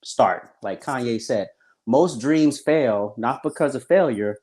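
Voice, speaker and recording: Man, podcast co-host, blunt, profane, motivational rant, mid-pitched voice. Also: slow, a little mellow. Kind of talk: casual podcast chat.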